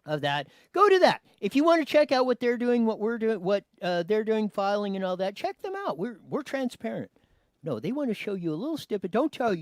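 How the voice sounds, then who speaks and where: A man's voice: high-pitched, brisk, no room sound. A man hosting a news show, commenting on a clip and giving cues to his producer. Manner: animated, talks to his producer, many restarts.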